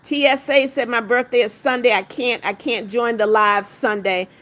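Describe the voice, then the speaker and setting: A woman's voice: a little high, steady tone, moderate pace. A woman hosting a livestream, reading viewers' comments aloud and calling them darling while she counts out gifts. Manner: affectionate, calls viewers darling; counts gifts out loud, laughing. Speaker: livestream host. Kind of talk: reading live chat aloud.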